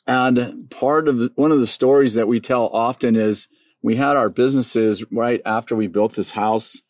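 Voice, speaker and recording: A man in his sixties recounts a family memory in a relaxed conversational way, now and then jumping high to act out other voices. His voice sits in the middle range, and the sound is dry and close. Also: moderate pace, no room sound. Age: 60s. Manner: animated storyteller, acts out voices in a high pitch. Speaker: business owner. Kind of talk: storytelling in casual conversation.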